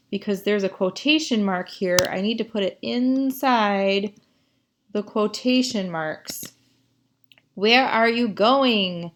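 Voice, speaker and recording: Slow, gravelly-voiced woman teacher. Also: mid-range voice. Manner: slow, explaining, asks the class questions. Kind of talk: classroom writing lesson, reading aloud and editing.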